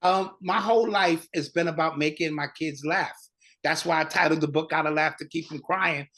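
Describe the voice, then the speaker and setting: A man being interviewed as an author guest, speaking in a playful, halting way with restarts. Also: a little high, bright, forceful tone. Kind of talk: casual interview talk.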